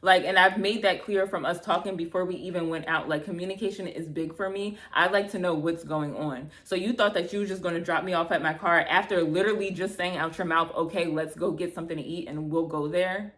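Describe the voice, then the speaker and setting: A woman in her thirties telling a bad-date story to camera, animated and exasperated, acting out both sides of the conversation, with lots of "like" and casual swearing. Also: lowish voice, fairly quick, few pauses. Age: 30s. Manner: heavy filler "like", casual swearing. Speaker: vlogger. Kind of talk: storytime vlog, casual retelling.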